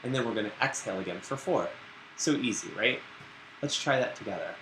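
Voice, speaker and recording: A man teaching a live-streamed yoga class in a relaxed, chatty and playful way. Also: fairly low pitch, fairly quick. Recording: roomy echo with background noise.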